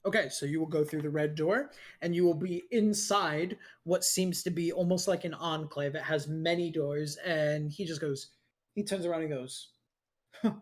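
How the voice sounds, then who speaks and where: A game master narrating a tabletop role-playing game in a brisk, descriptive way. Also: mid-range voice, steady tone.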